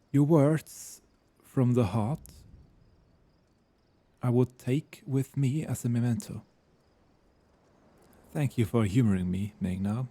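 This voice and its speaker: A man reading game dialogue aloud, voicing a gentle male god in mortal form with a French accent and formal, archaic, courteous speech. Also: mid-range voice, husky.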